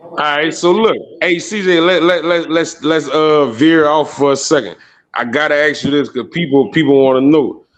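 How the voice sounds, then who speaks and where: A man's voice: a little high, steady tone, moderate pace. A man interviewing someone on the street, asking questions casually and stumbling over his starts. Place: outdoors on a city street.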